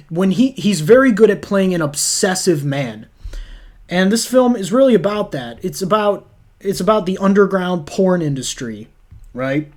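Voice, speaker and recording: A man casually reviewing movies, blunt and opinionated, swearing freely as he rants. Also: on the high side. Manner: blunt, profane, opinionated ranting.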